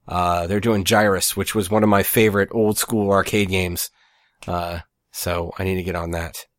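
A man's voice: low voice, moderate pace, no echo. Laid-back male podcast co-host. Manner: relaxed, laughs easily, reads out show plugs. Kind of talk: casual podcast chat.

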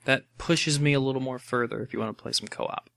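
Rambling, animated gamer man. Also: mid-range voice, brisk, gravelly, no room sound, clean studio sound. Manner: rambling, repeats words, animated. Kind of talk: casual gaming chat.

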